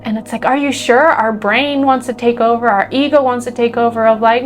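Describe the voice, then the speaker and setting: A woman who is a spiritual teacher and energy healer speaks to camera about faith and trust, emotional and close to tears, with many fillers and restarts. Her voice is on the high side and steady, brisk with hardly any pauses, over faint music.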